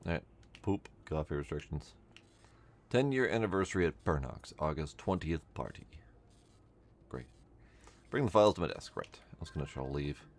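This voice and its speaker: A man's voice: rumbling low, lively intonation, moderate pace, long pauses. A man streaming a game, giving wry, mumbly running commentary and reading the on-screen text aloud. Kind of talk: casual gameplay commentary.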